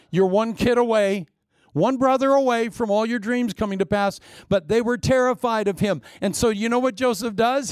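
A man preaching a sermon, telling a story with lively energy and acting out the voices. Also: sits high, no room sound, studio quality. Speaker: pastor.

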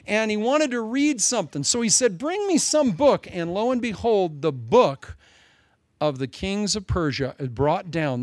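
A male pastor preaching a sermon, telling a story with lively, humorous asides. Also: high voice, no echo, studio quality.

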